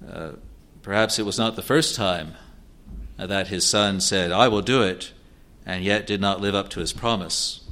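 A man preaching an expository sermon in an earnest way, asking rhetorical questions and answering them, sometimes halting and restarting. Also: on the low side, bright, forceful tone.

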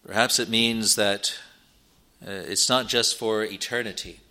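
A man preaching a sermon, earnest, rising in pitch and force when he quotes scripture. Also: steady tone, unhurried, sharp tone.

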